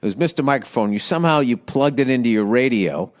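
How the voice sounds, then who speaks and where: A man's voice: medium pitch, animated, fast. A middle-aged man hosting a podcast, ranting in a profane, rambling comedic monologue into a studio microphone and slipping into silly voices. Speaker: podcast host. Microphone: studio microphone with windscreen.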